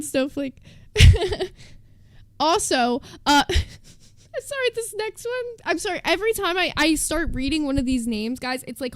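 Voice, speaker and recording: A woman's voice: high-pitched, a bit bright, no room sound. A woman livestreamer chatting casually with her viewers, joking and reading definitions aloud. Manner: chatty, joking, reads terms aloud to chat. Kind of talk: casual stream chat.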